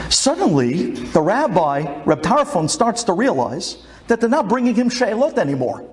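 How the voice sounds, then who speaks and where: A man telling a religious folk tale in an animated, dramatic way. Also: high voice. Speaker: storyteller.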